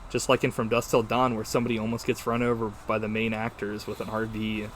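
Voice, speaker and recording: A young man co-hosting a casual podcast about movies, retelling scenes in a lively, profane way and acting out the lines. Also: fairly low pitch, fast, slight background noise. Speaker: podcast co-host.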